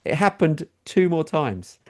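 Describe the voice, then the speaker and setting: This middle-aged man from England, a talk show co-host, is very animated as he tells a story in casual chat, though his pace is a little slow. Quoted people get high voices from him.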